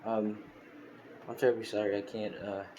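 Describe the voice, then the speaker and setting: A polite rich young woman, apologetic and hesitant in her speech, with a man reading her lines. The voice stays low, and a steady hiss runs under the home recording. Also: moderate pace, natural voice.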